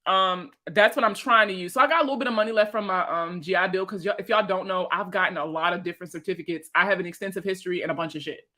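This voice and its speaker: A woman's voice: on the low side, steady tone, quick pace, few pauses, sharp tone. A woman rambling casually on a livestream, talking in a loose and profane way and laughing often. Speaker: personal finance creator and veteran.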